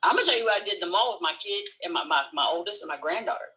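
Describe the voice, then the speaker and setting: A middle-aged woman hosting a live stream, telling a story in casual chat, swearing freely and acting out loud shrieks. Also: medium pitch, wildly swooping pitch, rapid-fire, low-quality recording. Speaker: livestream host.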